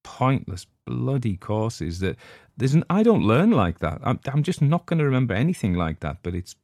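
A man's voice: medium pitch, very animated, moderate pace, darkish tone, no echo, clean studio sound. An older man hosting a podcast, chatting casually in a rambling, hesitant way with plenty of ums. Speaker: podcast host. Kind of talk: casual chat.

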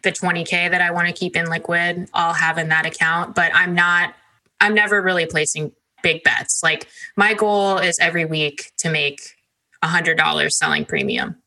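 Young woman guest, chatty, lots of likes and ums, bright lowish voice. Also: moderate pace, low-quality recording. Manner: chatty, many fillers like "like" and "um". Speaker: podcast guest. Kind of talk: casual interview chat.

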